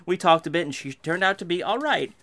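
Bright-voiced man co-hosting a podcast. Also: sits high, expressive, fast. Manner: joking, reads letters aloud. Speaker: podcast co-host reading listener mail. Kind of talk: casual group chat.

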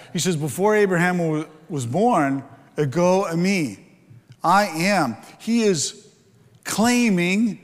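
With a long reverb tail trailing his high voice, a male pastor delivers a sermon. His manner is instructive as he unpacks scripture, dropping in fillers and posing rhetorical questions.

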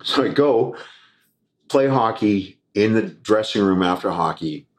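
A man's voice: fairly low pitch, measured pace. A man guest on a podcast, telling a story casually, swearing and laughing as he acts out what people said. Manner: profane, laughing, animated anecdote with quoted voices.

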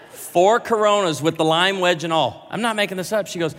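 A male pastor telling a jokey, animated story in a sermon, with big swings in volume. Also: fairly high pitch, brisk, hardly any pauses. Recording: large hall reverb.

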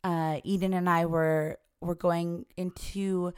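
Mom in her 40s telling a story, kinda low voice, chatty and lively, super dry close sound. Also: slow pace, clear, resonant tone, no room sound. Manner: chatty, animated, acts out quoted voices. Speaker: mother telling a family story. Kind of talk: casual storytelling chat.

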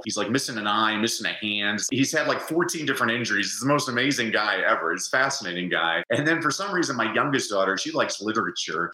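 Middle-aged guy talking casual, lowish but bright voice, echoey room. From United States. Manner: animated storyteller, jokey. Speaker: teacher and reading coach. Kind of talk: casual interview talk.

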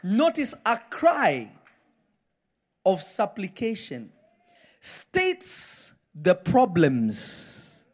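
A man preaching a live sermon in a church, reading scripture slowly and then breaking into impassioned shouts. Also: high voice, wildly swooping pitch, husky. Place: church sanctuary.

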